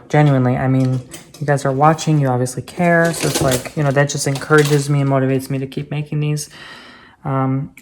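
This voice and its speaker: A man's voice: fairly high pitch, a little mellow, slight background noise. A man with a light voice that others call girlish, talking casually in a rambling, playful vlog full of fillers. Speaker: vlogger.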